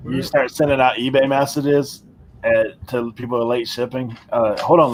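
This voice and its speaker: A man's voice: mid-range voice, little pitch movement, moderate pace, noisy background. A man co-hosting a casual livestream, joking around and laughing often. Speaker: livestream co-host. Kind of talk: casual chat.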